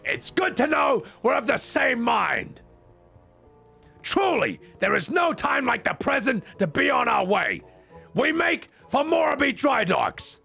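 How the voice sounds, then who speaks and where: A squeaky little merchant lady, as a man puts her on, prim and sweet with a raspy edge to her falsetto. The voice leaps high and swoops wildly. Her bright, tense tone turns gravelly at the bottom. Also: big pitch swings, measured pace, faint music behind, full character voice. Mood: chipper. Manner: prim formal phrasing broken by crude outbursts. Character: small cheerful female merchant, bossy and sweet. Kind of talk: comedic game voice-over.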